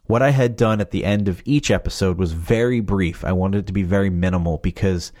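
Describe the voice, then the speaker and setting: Talking about his own podcast, this young man rambles in a loose, chatty way, leaning on fillers such as "you know." His voice is low and mellow, and he speaks fairly quickly.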